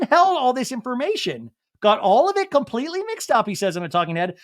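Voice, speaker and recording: A man's voice: very high-pitched, brisk, hardly any pauses. A male podcast host recapping a reality show in a comic, profane way, often acting out what the cast said. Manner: animated, profane, jumps into exaggerated impressions.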